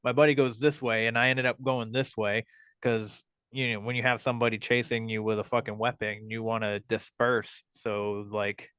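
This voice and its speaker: A man's voice: medium pitch, flat delivery, normal speed, a bit bright, clean tone, dry recording. A man hosting a podcast, telling a story in a casual, rambling way with lots of swearing, fillers and restarts. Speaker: podcast host.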